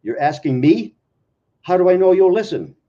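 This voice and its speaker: A man voicing his late wife in a poem, a teasing, sharp-tongued older woman. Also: high-pitched, animated, normal speed, voice pushed up. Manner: teasing, needling. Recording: dull lo-fi live recording.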